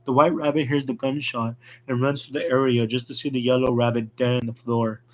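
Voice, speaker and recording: A man narrating a fan horror story in a plain, rushed reading with slips. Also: mid-range voice, steady tone.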